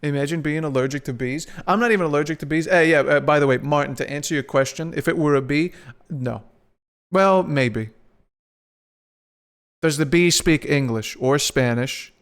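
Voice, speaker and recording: A man's voice: a little high, normal speed, a bit bright, clear, resonant tone. A young man chatting casually on a live stream, rambling, swearing and laughing often.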